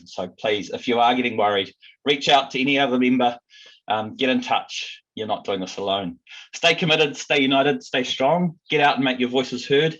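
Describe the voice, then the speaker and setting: A rallying union president, a man, speaks earnestly with plenty of ums. His voice is bright and a little husky. The audio is dull and lo-fi. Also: mid-range voice. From New Zealand. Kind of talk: recorded speech to union members.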